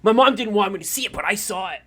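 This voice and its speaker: A woman voicing a brash young orc boy who blurts things out loudly. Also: mid-range voice, lively intonation, fast, slightly rough, pitched above the performer's own voice. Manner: loud, blunt, shouting.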